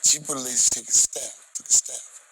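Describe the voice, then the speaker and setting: A man, a gospel singer, telling a personal story in an interview, dramatic and acting out voices and shouts. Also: medium pitch, fairly even intonation, a little fast, vocal fry, a crowd in the background, poor audio.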